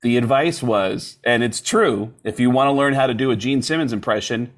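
Comedian dude spinning a story, animated, jumps into voices for the quotes. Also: male voice, mid-range voice, normal speed. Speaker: comedian guest. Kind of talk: casual storytelling.

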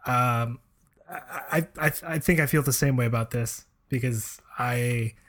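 A man's voice: medium pitch, measured pace, a bit bright. A man co-hosting a casual podcast, talking hesitantly with many fillers and repeated words. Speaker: podcast co-host. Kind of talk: casual chat.

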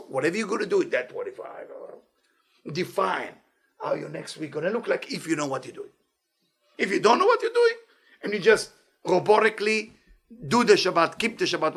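A man giving a weekly inspirational Torah talk as a teacher, animated and playful, in non-native English phrasing. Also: sits high, fairly quick, gravelly, breathy edge.

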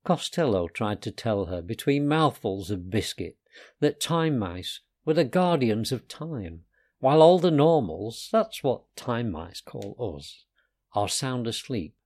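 A man reading his own children's novel aloud in a gentle storytelling manner. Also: mid-range voice, big pitch swings, measured pace.

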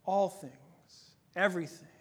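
A man in his thirties preaching a sermon in a conversational, earnest way, dropping to a hush at times. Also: high-pitched, husky. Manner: conversational, earnest, with dramatic pauses and hushed moments. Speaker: pastor.

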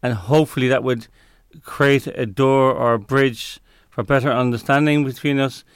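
Smooth-voiced man groping for words. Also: mid-range voice, fairly even intonation, moderate pace, dry recording, studio quality. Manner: searches for words, frequent fillers and restarts. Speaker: interview guest. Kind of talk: conversational interview answer.

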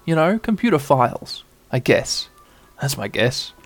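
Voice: mid-range voice, sing-song, unhurried, faint music behind. A podcast narrator retelling a game's cutscenes as a bedtime story, rambling with playful asides.

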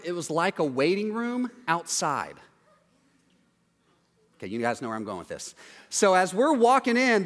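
High-voiced man telling a funny story. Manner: animated, acts out quoted voices. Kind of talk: comedic anecdote. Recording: long hall reverb.

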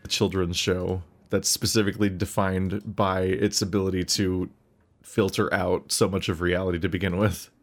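A man with a very low voice, chatting on a podcast. He explains points in a dry, measured way. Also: flat delivery. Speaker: podcast co-host. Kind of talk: casual chat.

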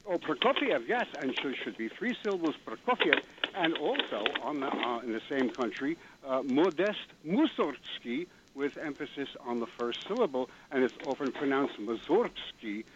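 Brief: male radio caller, precise and hesitant, dull phone line with clear noise and clicks. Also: mid-range voice, expressive, fairly quick, few pauses. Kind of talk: phone-in call.

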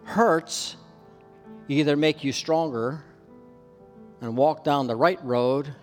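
A man's voice: on the high side, slow pace, soft background music. A Canadian man preaching a sermon as pastor, telling a personal story in an earnest way, his voice rising for emphasis. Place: church hall with long reverb. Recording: reverberant hall.

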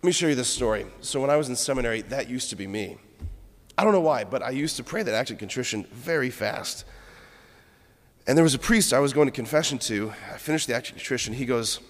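A Catholic priest delivers a homily in a mid-pitched voice, speaking earnestly and reflectively as he tells stories from his own life. His words ring out with a long church reverb trailing after them. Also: lively intonation, quick pace.

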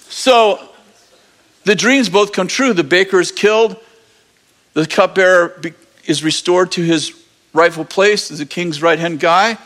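Animated male preacher with a high voice, telling a story with humor and acted-out voices. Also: unhurried. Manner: animated, acts out voices, jokey asides. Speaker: pastor. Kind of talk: lively storytelling sermon.

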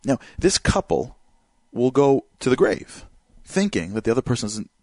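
A man giving a motivational talk. He speaks in an animated way, fills his speech with "like" and "you know", and keeps asking rhetorical questions. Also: mid-range voice, normal speed, dry recording, studio quality. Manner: animated, asks rhetorical questions and acts out examples; many fillers such as "like" and "you know".

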